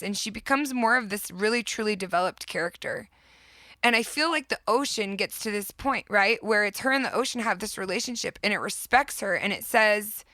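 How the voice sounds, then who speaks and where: A woman's voice: mid-range voice, sharp tone, no echo. A woman hosting a podcast, retelling a story with heartfelt enthusiasm in a casual, reflective way. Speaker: podcast host.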